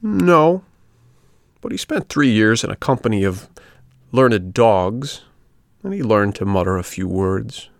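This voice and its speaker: A man's voice: lowish voice, animated, a little slow, creaky, long pauses, no echo, clean studio sound. A man voicing a sly little coachman who talks sweetly and coaxingly. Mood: dismissive. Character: sly little coachman, smooth and falsely friendly.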